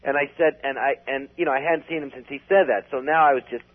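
A man's voice: medium pitch, steady tone, fast talker. A man telling a long story in a casual, rambling way, full of restarts. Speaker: comedian guest. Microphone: phone. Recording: tinny phone line.

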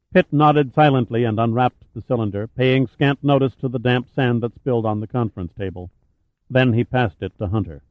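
A man narrating an audiobook in a measured, even reading voice. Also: medium pitch, dry recording. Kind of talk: scripted narration. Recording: tinny phone-like audio.

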